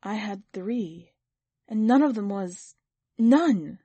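A woman reader voicing a tall, worn older woman who pleads in halting, broken questions. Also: fairly high pitch, lively intonation, darkish tone, no echo. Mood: pleading.

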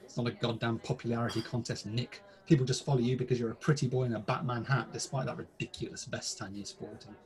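A man's voice: mid-range voice, fairly even intonation, quick pace. Theatrical, crude British man. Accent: British English. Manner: mock-formal, crude and theatrical. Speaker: podcast co-host. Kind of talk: scripted comic pub banter.

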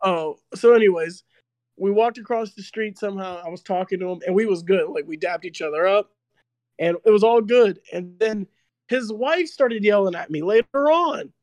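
A young man with a high, light voice tells a story in casual chat. He is animated, laughs often and leans on filler words as he talks. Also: moderate pace, no echo.

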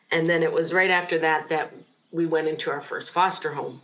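Earnest woman telling her story, lower voice. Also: steady tone, fairly quick, a bit bright, muffled recording, a little hiss or hum. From Ohio, United States. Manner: earnest, reflective, many ums. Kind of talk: personal testimony in an interview.

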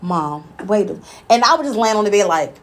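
A young woman chatting casually, expressive, with frequent affirmations. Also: mid-range voice, fairly quick. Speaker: show host. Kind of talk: casual chat.

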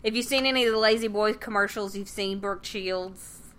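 A young woman co-hosting a podcast, casually recapping a TV episode with frequent laughter and quick quoted voices. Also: mid-range voice, a bit bright. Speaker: podcast co-host.

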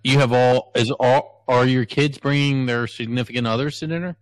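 A man's voice: medium pitch, fairly even intonation, normal speed. A man co-hosting a podcast, chatting casually and teasing his friends, often restarting his sentences. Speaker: podcast co-host. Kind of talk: casual chat.

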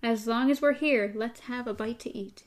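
A terse, weathered gunslinger speaks in a measured, plain way, voiced by a woman reading aloud. The voice sits fairly high. It is a storybook reading. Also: lightly acted. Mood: calm.

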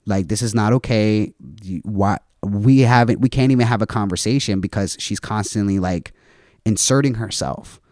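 Casual man, low voice, story full of "like". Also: moderate pace, darkish tone, no room sound, clean studio sound. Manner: casual, swearing, heavy use of "like". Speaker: guest. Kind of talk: emotional storytelling in a podcast interview.

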